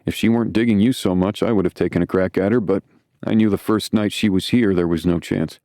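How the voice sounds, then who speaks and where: A man's voice: low voice, fairly even intonation, fast, mellow, no echo, studio quality, voice pushed up. A man voicing a cocky, easygoing young hockey player who talks breezily. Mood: breezy.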